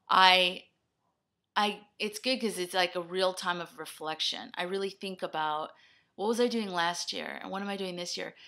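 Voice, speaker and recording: A woman's voice: mid-range voice, sharp tone. A young woman rambling through a personal video blog, self-deprecating and scattered, talking in sudden bursts. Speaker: vlogger.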